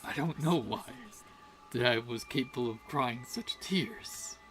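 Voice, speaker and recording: Give me a solemn soul-consuming demon slayer with a measured, resolute delivery, read by a woman. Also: rumbling low, faint music behind. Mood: tearful farewell.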